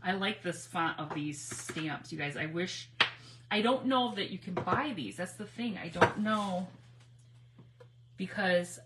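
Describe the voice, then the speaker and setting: A woman hosting a casual crafting livestream on her phone, chatty and giggly, nervously excited as she talks to viewers. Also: on the low side, a little slow. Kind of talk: casual live crafting chat.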